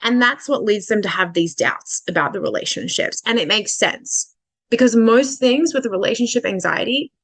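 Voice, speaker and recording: A woman's voice: on the high side, moderate pace, dry recording. A woman relationship coach explaining dating behaviour in a casual, conversational way, with fillers and restarts, stretching out her key points.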